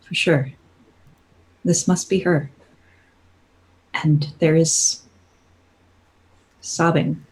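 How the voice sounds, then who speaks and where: A woman with a somewhat low voice, running a tabletop roleplaying game. She explains the rules and narrates scenes slowly and haltingly. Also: steady tone, a little mellow, poor audio. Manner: slow, halting descriptive narration. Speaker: game master.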